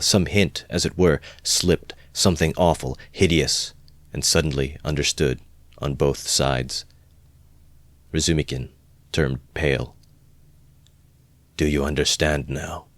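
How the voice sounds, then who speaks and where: A man narrating a classic novel as an amateur audiobook reading, calm and measured. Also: extremely low pitch, dry recording.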